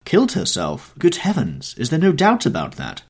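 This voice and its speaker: A man's voice: mid-range voice, very animated, normal speed, darkish tone, breathy edge. A man voicing an anguished older painter. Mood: shocked. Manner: pleading, reproachful.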